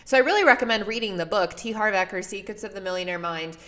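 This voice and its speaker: A woman's voice: mid-range voice, quick pace. Earnest woman coaching listeners. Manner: earnest and emotional, warm toward her father; motivational, coaching listeners with questions. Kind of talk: casual solo talk to listeners.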